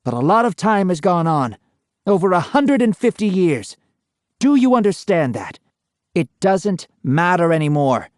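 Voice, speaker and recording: A man's voice: mid-range voice, animated, slow, warm tone, husky, dry recording, studio quality. A man voicing a stern male paranormal interviewer who firmly presses a ghost with commands. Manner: firm, commanding, then soothing.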